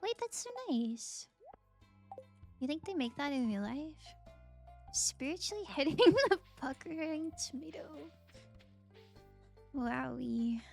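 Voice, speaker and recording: A woman's voice: high-pitched, animated, takes it slowly, gravelly, pauses often, faint music behind. A woman streaming a game and chatting casually and playfully with her viewers, often laughing. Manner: playful, giggly, talks to chat. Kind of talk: casual live-stream chat while gaming.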